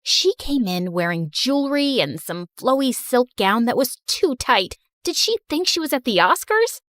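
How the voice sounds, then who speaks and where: A woman narrating an animated drama in the first person, telling it with emotional, expressive storytelling. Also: on the high side, moderate pace, dry recording, studio quality.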